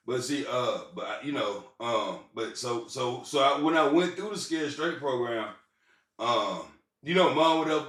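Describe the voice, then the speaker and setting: A man's voice: medium pitch, expressive, a bit bright. A man telling rambling personal stories in a casual, profane way, often stumbling and restarting his sentences. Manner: halting, repetitive restarts and profanity. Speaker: vlogger. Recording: roomy sound, far from the mic.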